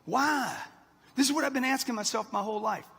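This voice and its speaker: Husky, high-pitched man in his sixties, brash motivational speaker working a live crowd, long reverb of a big hall. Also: a little fast, pushed and bright. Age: 60s. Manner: brash, punchy, talks straight to the crowd. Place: large hall with live audience.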